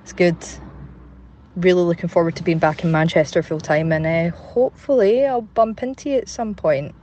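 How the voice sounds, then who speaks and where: A man's voice: sits high, moderate pace, darkish tone, a little hiss or hum. A man with a Glasgow accent calling in with a chatty, candid voice message, recorded on a phone. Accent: Scottish, Glasgow. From Scotland. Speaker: caller. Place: in a parked car outdoors.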